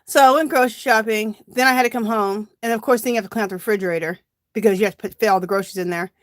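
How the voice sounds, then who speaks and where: A woman's voice: medium pitch, steady tone, racing, no room sound, clean studio sound. A middle-aged woman chatting casually on a home craft livestream, greeting viewers by name and a bit out of breath. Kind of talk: casual live-stream chat while crafting.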